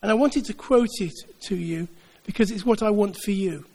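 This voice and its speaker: A man with a high-sitting, slightly mellow voice delivers an earnest church sermon at a moderate pace, layering repetitive rhetorical build-ups. The recording has a big-room sound.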